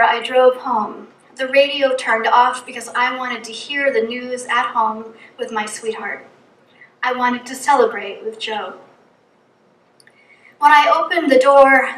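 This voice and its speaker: High-voiced middle-aged woman in an echoey hall. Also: steady tone, measured pace, a bit bright, far from the mic. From New England. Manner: earnest, storytelling delivery with vivid lists. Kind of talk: personal reflection from a pulpit. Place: church hall.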